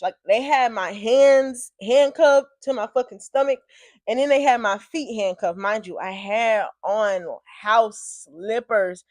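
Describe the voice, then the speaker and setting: A woman vlogger telling a story casually, with animated, profanity-heavy, exasperated delivery. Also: a little high, no echo.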